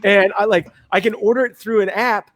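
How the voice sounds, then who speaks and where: A man talking casually and with high energy, acting out other people in his anecdotes. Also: no echo. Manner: energetic, fast-talking, acts out voices in anecdotes. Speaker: guest. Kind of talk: casual storytelling in a talk.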